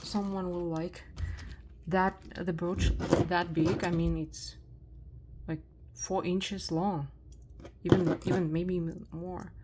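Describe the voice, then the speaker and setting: A woman with a Russian accent, unboxing thrifted jewelry in a soft-spoken vlog, slow and marveling at each find. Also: lowish voice, steady tone, noisy background. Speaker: jewelry reseller vlogger.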